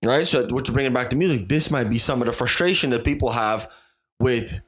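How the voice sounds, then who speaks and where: A man's voice: mid-range voice, a little fast. Man reasoning through a podcast debate. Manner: analytical, hedging, circles back to his point. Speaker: podcast co-host. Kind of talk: casual chat.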